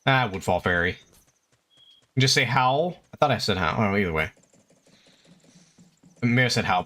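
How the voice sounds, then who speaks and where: A man's voice: lowish voice, animated, moderate pace, long pauses, fairly bright tone. A young man casually commenting while he plays a video game, chatty and swearing freely, talking to his chat and to the game. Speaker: streamer. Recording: faint game music behind.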